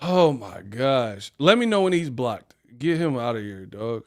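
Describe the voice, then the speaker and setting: A man with a mid-range voice, very animated but at a measured pace, hosts a casual livestream rant. Using slang, he laughs off his critics in a mocking, dismissive way.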